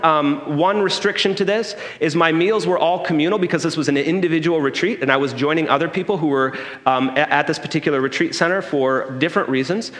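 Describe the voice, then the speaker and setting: A man's voice: on the high side, a bit bright. Man preaching in a reverberant hall. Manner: conversational, checks in with the room by asking "okay?". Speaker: pastor. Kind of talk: sermon with personal story. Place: church sanctuary.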